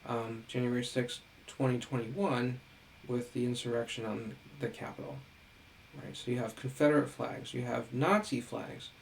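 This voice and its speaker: A middle-aged man gives a recorded lecture in a relaxed, conversational way, with a gravelly edge to his voice. He sits at a middle pitch for a man and keeps asking his listeners rhetorical questions. He punctuates his points with a quick "right?". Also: slight background noise, rough recording. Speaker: education lecturer.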